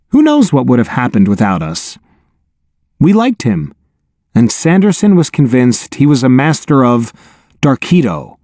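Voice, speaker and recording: A man narrating a storybook in the first person, with a wry, lively delivery. His pitch sits in the middle and swings widely. The recording is close and completely dry. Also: dry recording. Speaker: audiobook narrator.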